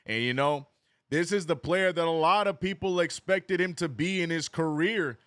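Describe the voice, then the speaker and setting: A man streaming a live watch-along, doing casual play-by-play and answering chat, jumping up in pitch on big plays and slang-heavy in between. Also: normal speed, no room sound, studio quality. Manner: excitable, rises sharply on big plays, drops low reading chat; casual slangy talk, says bro and man.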